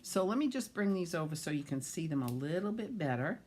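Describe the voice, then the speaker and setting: A middle-aged woman with a slightly low voice hosts a casual crafts livestream. She rambles cheerfully, pausing to greet viewers by name. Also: sing-song, darkish tone. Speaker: card-making livestream host.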